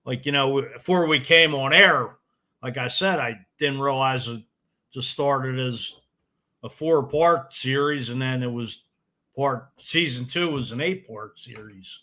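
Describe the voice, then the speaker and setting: A man hosting an interview, asking rambling, halting questions. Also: medium pitch, sharp tone. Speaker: show host. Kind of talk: casual interview talk.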